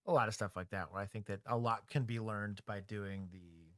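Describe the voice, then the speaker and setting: A middle-aged former police officer with a Texan accent, co-hosting a casual livestream chat in a candid, joking way. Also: male voice, lowish voice, steady tone, moderate pace, no echo, clean studio sound. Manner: candid, joking, talks things through aloud.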